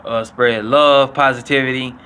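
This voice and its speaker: A young man telling stories casually to his viewers, profane and animated, acting out what people said. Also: moderate pace, slight background noise. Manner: animated, acts out quotes with higher voice; profane, repetitive slang. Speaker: vlogger. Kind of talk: casual storytelling.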